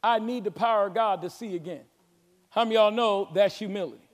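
A man preaching a sermon as pastor, with a Southern American accent and call-and-response delivery that builds to shouts. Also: high-pitched, quick pace. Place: large church sanctuary. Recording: long hall reverb.

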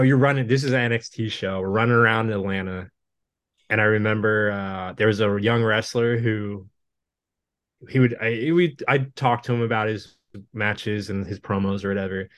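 A man's voice: fairly low pitch, a bit bright, dry recording. A man guesting on a podcast, telling rambling anecdotes casually and laughing things off. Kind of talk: casual storytelling chat.

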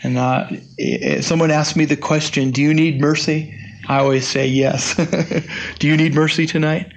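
Man in his sixties, pastor preaching, fairly high voice, folksy and conversational, restarts himself often. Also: animated, a little fast. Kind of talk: sermon.

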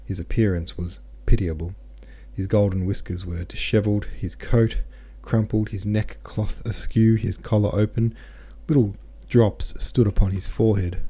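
A man hosting a podcast, reading a novel aloud with relaxed, chatty asides. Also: lowish voice, normal speed, hardly any pauses, slightly rough. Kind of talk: casual commentary and audiobook reading.

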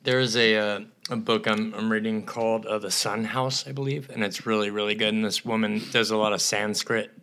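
Gravelly-voiced man in casual chat. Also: fairly low pitch, fairly even intonation, sharp tone. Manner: halting, with fillers and restarts. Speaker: podcast co-host.

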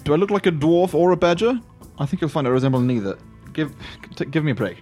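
A man's voice: on the high side, fast talker, darkish tone, faint music behind. A man playing a tabletop game, speaking in character in a wordy, fussy, slightly pompous way. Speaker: player.

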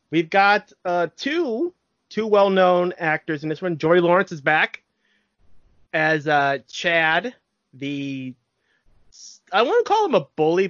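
A podcast co-host in casual chat, calmly giving facts in a matter-of-fact way. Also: mid-range voice, measured pace, dry recording. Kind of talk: casual chat about a cartoon film. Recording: dry, dull lo-fi sound.

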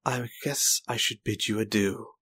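A man's voice: on the low side, fairly even intonation, normal speed, a bit bright, slightly rough. A man voicing a smug older male swordsman villain who mocks with false politeness. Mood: mocking.

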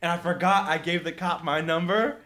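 A man's voice: fairly high pitch, fairly even intonation, normal speed, a bit bright. Young man laughing through a rowdy story. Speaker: storyteller guest. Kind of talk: casual chat.

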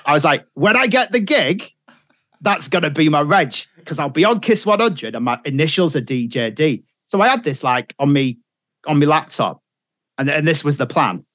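A man's voice: on the high side, expressive, moderate pace, fairly bright tone, no room sound. A middle-aged man, a radio presenter telling stories in a casual interview and acting out the voices of people he quotes. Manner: chatty storyteller, acts out quotes.

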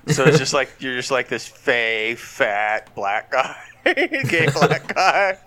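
A man's voice: mid-range voice, sing-song, slow, sharp tone. A young man chatting casually on a comedy podcast, laughing often and trying out impressions. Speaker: podcast co-host.

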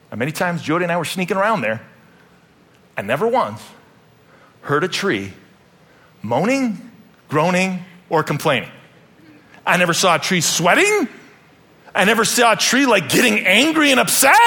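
A man's voice: on the high side, fairly bright tone, breathy edge. A middle-aged man preaching a sermon as pastor, with joking, rambling asides and playful self-deprecation.

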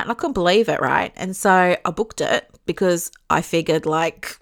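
A woman tells a story from her own life in a loose, rambling chat. Her voice sits a little low, and she fills the gaps with plenty of casual fillers. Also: normal speed, gravelly, few pauses, fairly bright tone. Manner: chatty, rambling, lots of fillers. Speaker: psychologist and private practice coach.

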